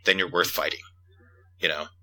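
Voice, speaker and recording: Deep-voiced American man telling stories. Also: moderate pace, poor audio. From Alaska. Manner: animated storyteller, does voices and laughs often. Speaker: game designer guest. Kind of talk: casual chat.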